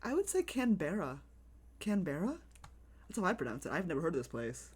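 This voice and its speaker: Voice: medium pitch, huge pitch swings, rapid-fire, breathy edge. A streamer in a laid-back, slangy live-stream chat with viewers while gaming, musing aloud. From United States.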